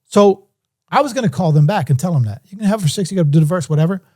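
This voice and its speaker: A man's voice: high voice, lively intonation, very fast, dark tone. A middle-aged man and music producer telling a story in an interview, acting out phone calls in different voices.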